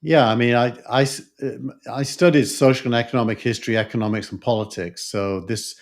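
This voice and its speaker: Talking briskly at medium pitch with fairly even intonation, a Yorkshire-accented man co-hosting a podcast works through a casual discussion thoughtfully, though full of fillers and restarts.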